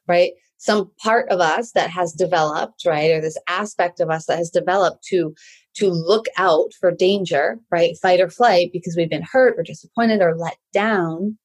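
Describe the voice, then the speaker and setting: A woman coaching listeners in a relaxed solo talk, often checking in with "right?". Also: on the low side. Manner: conversational, tags many sentences with "right?". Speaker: life coach.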